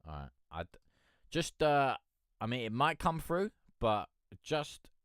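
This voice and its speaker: A man's voice: mid-range voice, very animated, unhurried, fairly bright tone, clean tone, no echo, studio quality. A man from near London, chatting casually on a live stream as a music reviewer. He rambles, swears and keeps calling people "mate". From England, near London.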